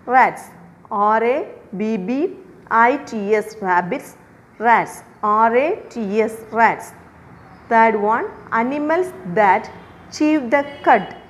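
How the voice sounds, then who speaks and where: A woman teacher with a fairly high voice works through a revision lesson at a very slow, deliberate pace. She dictates each answer and spells words out letter by letter. A faint room ambience sits behind her. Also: a little hiss or hum.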